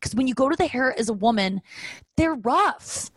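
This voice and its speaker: A young woman co-hosting a podcast in casual chat, telling stories and acting out quotes in a high voice. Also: rapid-fire, no room sound. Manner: animated storyteller, acts out quotes in a high voice. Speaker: podcast co-host.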